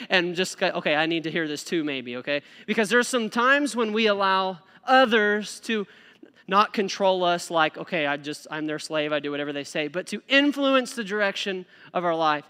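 Joking high-voiced man preaching in a hall. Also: clear, resonant tone. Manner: conversational, joking, animated. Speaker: youth pastor preaching. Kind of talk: sermon. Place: church sanctuary. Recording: reverberant church hall.

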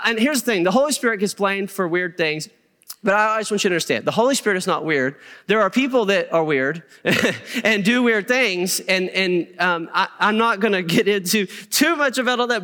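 Animated, bright-voiced male pastor preaching. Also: high voice, long reverb tail. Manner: animated storytelling with humor and asides to the congregation. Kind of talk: sermon. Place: church sanctuary.

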